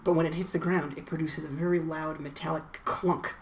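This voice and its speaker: A woman's voice: deep voice, little pitch movement, brisk, a little hiss or hum. A woman co-hosting a podcast, steadily narrating a TV plot with dry short comebacks. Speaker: podcast co-host. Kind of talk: casual chat recapping a TV episode.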